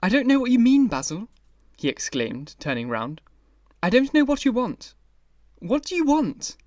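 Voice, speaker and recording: A man reading the part of a vain, bored young gentleman in an audiobook, languid and then shrill in protest. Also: lively intonation, normal speed, no echo, clean studio sound, far from the mic. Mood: agitated.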